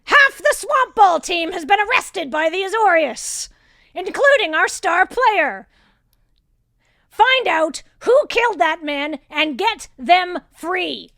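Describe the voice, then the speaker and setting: A woman voicing a bossy, scheming female boss with a shrill, loud voice in a tabletop game. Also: normal speed, vocal fry, dry recording, clean studio sound, close to an everyday voice. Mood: commanding.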